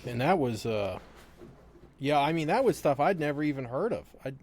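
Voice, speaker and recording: A man's voice: on the high side, sing-song, moderate pace, darkish tone. A man in casual conversation, telling stories with frequent laughter and swearing. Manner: laughs often, profane storytelling. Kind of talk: casual chat.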